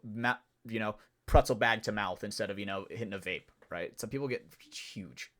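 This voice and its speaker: A man's voice: fairly low pitch, normal speed, a bit bright. A young adult man co-hosting a podcast, talking in a profane, emphatic, rambling way. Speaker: podcast co-host. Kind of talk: casual podcast chat.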